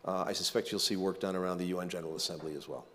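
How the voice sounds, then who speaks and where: Deep-voiced man, measured official. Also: steady tone, fairly bright tone. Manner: measured, policy-focused with frequent fillers. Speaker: government official. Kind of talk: panel interview.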